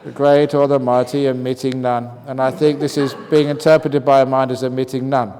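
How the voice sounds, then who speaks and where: A man's voice: medium pitch, little pitch movement, fairly quick, a little mellow. A man, a Buddhist monk teacher, answers retreat questions in a humorous talk, reading written questions aloud and chuckling often. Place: retreat meditation hall. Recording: reverberant hall with faint noise.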